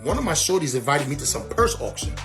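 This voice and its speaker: A man spinning a comic storytime monologue, his voice swinging lively up and down as he plays out every quote. Faint music runs behind him. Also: fast. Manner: animated, acts out quotes with big pitch jumps.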